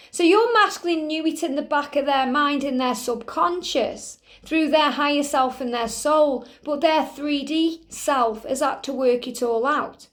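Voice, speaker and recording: A woman with a high voice talks through a spiritual reading. Her delivery is earnest and reassuring, and she keeps checking in with the listener through small asides. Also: a little slow, few pauses, fairly bright tone. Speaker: spiritual reader.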